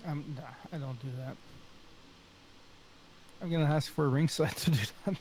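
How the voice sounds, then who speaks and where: A man playing in a tabletop game, relaxed and hesitant, with many ums. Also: a little high, moderate pace, a little hiss or hum, poor audio. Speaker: player. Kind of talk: casual chat during a tabletop game.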